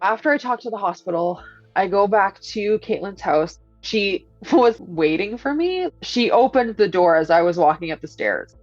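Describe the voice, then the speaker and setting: A woman's voice: mid-range voice, moderate pace, no echo. A woman working as a doula earnestly recounts a tense experience, retelling what was said back and forth. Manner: earnest, animated retelling with quoted dialogue. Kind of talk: first-person storytelling. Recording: dull lo-fi audio with faint music.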